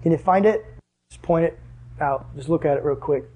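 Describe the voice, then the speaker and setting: Young male Bible teacher, high voice, lively and questioning, classroom lesson. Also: normal speed, slightly rough. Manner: animated, asks the class questions.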